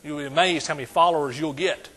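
A man preaching a sermon to a congregation, asking them questions and building to loud exclamations. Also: on the high side, quick pace. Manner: preaching with call-and-response, rising to shouts. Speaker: pastor.

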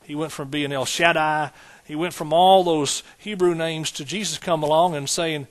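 A man's voice: on the high side, moderate pace. A man preaching a sermon as pastor, building points through rhythmic repetition and folksy asides.

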